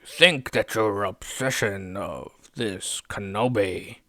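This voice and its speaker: A man putting on the voice of a sinister old emperor, speaking slowly and drawn-out. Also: on the low side, fairly bright tone, no echo, studio quality, voice pushed down. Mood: menacing. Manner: slow drawn-out delivery. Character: sinister old male emperor, slow and menacing.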